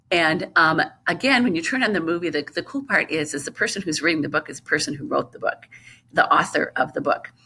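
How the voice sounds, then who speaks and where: A middle-aged woman music teacher giving a distance-learning lesson to young children, chanting rhythms and talking slowly and patiently. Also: on the low side, sharp tone, husky. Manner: slow, patient, sing-song rhythm chanting.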